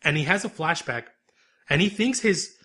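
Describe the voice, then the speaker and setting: A man co-hosting a podcast, recapping an episode in a lively, rambling, casual chat. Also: fairly high pitch, moderate pace, husky. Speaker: podcast co-host.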